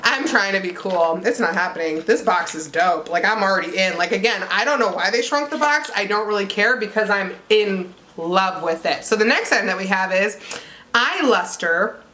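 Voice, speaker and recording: A young woman vlogging to camera, chatty and bubbly, with lots of "like" and excited squeals of "oh my God". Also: medium pitch, normal speed, a little hiss or hum. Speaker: beauty vlogger unboxing a subscription box. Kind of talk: casual chat to camera.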